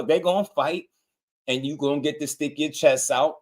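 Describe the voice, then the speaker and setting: A man's voice: mid-range voice, a little slow. Laughing man hosting a boxing livestream. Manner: laid-back, laughs often, shouts out viewers by name. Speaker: boxing channel host. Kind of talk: casual livestream chat.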